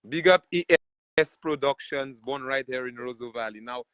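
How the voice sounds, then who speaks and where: A Saint Lucian man talks in a lively, expressive way, his pitch climbing and falling as he tells his story. His voice sits in a middle register and is recorded dry and close, with no room around it. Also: normal speed, smooth, dry recording, poor audio. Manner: animated, patriotic, repeats phrases like "you check what I showing you". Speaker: calypso artist guest. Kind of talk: casual interview chat.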